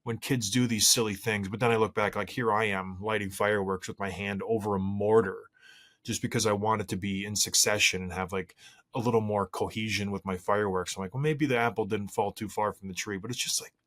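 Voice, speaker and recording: A man in his thirties hosts his podcast alone, with a slightly low voice. He chats in a loose, rambling way, tells stories against himself, and restarts his sentences often. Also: level tone, a little fast, a bit bright. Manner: rambling, self-deprecating storytelling with frequent restarts. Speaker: podcast host. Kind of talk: casual solo podcast chat.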